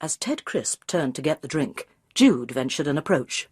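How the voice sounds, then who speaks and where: A woman narrating a mystery story aloud in a measured, expressive reading. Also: low-pitched, breathy edge, no echo, studio quality. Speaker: audiobook narrator. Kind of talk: scripted narration.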